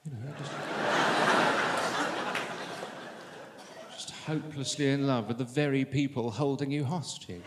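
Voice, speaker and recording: A man's voice: mid-range voice, slow pace, pauses often. A middle-aged man doing stand-up, with self-mocking, exasperated storytelling. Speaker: stand-up comedian. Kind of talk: stand-up routine. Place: comedy stage. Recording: reverberant hall, background noise.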